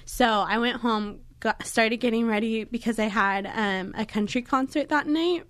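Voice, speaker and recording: A woman's voice: on the high side, moderate pace, fairly bright tone, no echo. A young woman, a podcast guest, telling her story casually in a studio with lots of fillers. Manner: chatty, many fillers.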